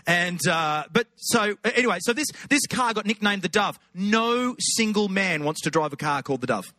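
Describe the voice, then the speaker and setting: A man with an Australian accent, a pastor telling funny stories in an animated sermon. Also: high-pitched, moderate pace, dry recording. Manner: animated, jokey, lots of put-on voices. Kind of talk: humorous sermon storytelling.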